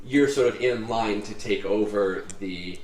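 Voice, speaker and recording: A man's voice: lowish voice, measured pace, darkish tone. A man running a tabletop game as dungeon master, talking in a loose, rambling way with frequent laughs, recorded in an echoey room.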